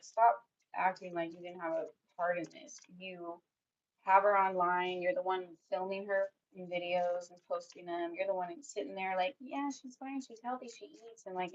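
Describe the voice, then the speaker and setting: A woman's voice: fairly low pitch, dull audio. A young woman doing a tarot reading for her viewers, speaking bluntly and swearing freely with lots of "like" fillers. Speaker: tarot reader.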